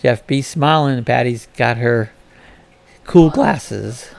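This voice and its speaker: A Floridian man with a gravelly, creaky, mid-pitched voice runs a laid-back live-stream chat. Speaking slowly and loosely, he reads viewers' comments aloud and responds to each in turn.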